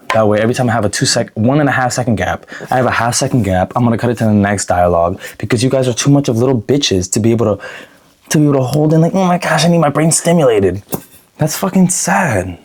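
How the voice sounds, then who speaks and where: A young man talks straight to camera in a raw, unedited video diary, at a middling pitch. He is blunt and swears freely. His pace keeps shifting as he rambles, and he often stops himself mid-sentence to start over. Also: darkish tone. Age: young adult. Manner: frequent restarts and self-corrections. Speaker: vlogger. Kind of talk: unedited vlog monologue.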